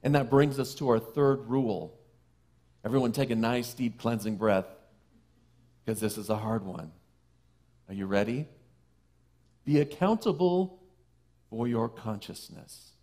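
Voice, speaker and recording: A man preaching a sermon to a congregation in a conversational way, with playful asides, who slows and softens for key phrases. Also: on the low side, fairly even intonation. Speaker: minister. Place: church sanctuary.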